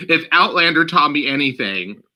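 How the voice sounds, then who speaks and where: A man's voice: on the high side, lively intonation, normal speed, sharp tone. A man co-hosting a casual chat, making dry joking asides. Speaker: co-host.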